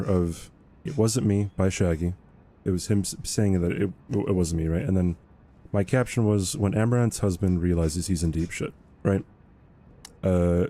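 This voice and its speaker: A man's voice: low voice, dark tone. A young man streaming a game, chatting casually and rambling, repeating words and ending points with "right?". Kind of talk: casual livestream chat while gaming.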